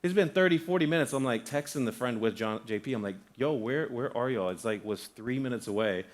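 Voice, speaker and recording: A man's voice: mid-range voice, fast. A young adult man preaching a sermon in a church, conversational and full of restarts, acting out the voices in his stories. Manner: animated storytelling, acts out quoted voices. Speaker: guest pastor. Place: church sanctuary.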